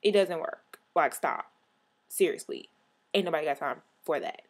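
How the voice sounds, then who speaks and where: A woman's voice: low voice, moderate pace. A young woman vlogger in a sassy, exasperated comic rant to camera, punching out her catchphrase.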